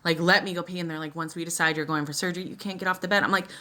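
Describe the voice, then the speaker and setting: A young woman vlogs while doing her makeup, telling a personal story in a chatty, emotional way with many fillers and restarts. Her lowish voice is steady, sharp, and very fast.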